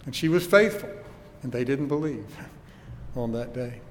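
A man's voice: mid-range voice, a little slow, in a large hall, slight background noise. A man preaching a sermon with earnest emphasis and rhetorical questions, recorded in a church.

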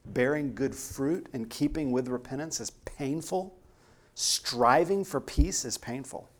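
A man's voice: medium pitch, measured pace. A man preaching a sermon in an earnest, emphatic way, pressing hard on key words.

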